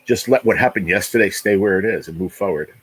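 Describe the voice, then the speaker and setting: Husky low-voiced man, blunt and sweary. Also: fast, fairly bright tone, low-quality recording. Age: 40s. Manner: blunt, heavy swearing, repeats himself. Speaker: livestream host. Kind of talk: casual livestream chat.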